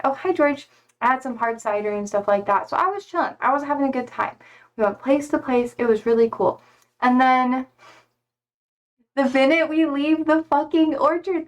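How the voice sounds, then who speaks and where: Chatty, laughing young woman streamer. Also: a little high. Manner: chatty, laughs often, swears casually, talks to chat. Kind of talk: casual live-stream chat. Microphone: streaming setup.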